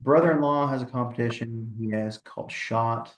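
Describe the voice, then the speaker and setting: A man's voice: medium pitch, moderate pace. A man, a wildlife department presenter answering viewer questions in a casual, folksy live Q&A. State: has the hiccups.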